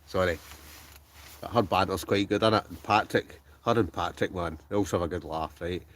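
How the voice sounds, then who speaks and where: A Scottish man livestreams from a tent with a stove outdoors at night, casually chatting, joking and reading the chat, sometimes trailing off into mumbles. His male voice is low-pitched and fairly bright, and he talks a little fast.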